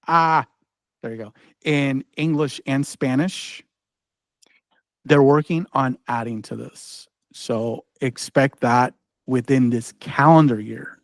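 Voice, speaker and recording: This man has a mid-range voice, captured in a dry recording. He's an ed-tech trainer running a live online workshop, chatting loosely through a demo with frequent "like"s, "right?"s and restarts.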